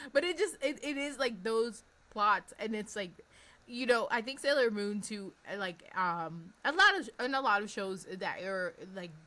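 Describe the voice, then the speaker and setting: A woman hosting a podcast in casual chat, animated, laughing often and using lots of fillers. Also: a little high, a little slow. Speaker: podcast host.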